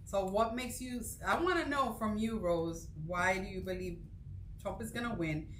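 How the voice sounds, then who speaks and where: A woman's voice: medium pitch, echoey room, slight background noise. A woman with a New York accent co-hosting a podcast, chatting in an opinionated, questioning way. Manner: opinionated, questioning, quick rising outbursts. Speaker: podcast co-host. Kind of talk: casual podcast chat.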